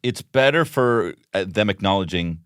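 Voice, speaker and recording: A man's voice: on the low side, moderate pace, clear, resonant tone, no echo, studio quality. An Irish man in his thirties, co-hosting a podcast in casual chat, acting out voices as he tells stories. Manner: animated storyteller, acts out voices loudly. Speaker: podcast co-host.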